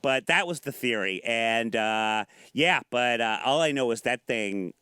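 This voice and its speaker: Joking, animated male talk show host. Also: medium pitch, clear, resonant tone, no echo. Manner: joking, rambling, quick asides. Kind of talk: casual studio chat. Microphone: studio mic.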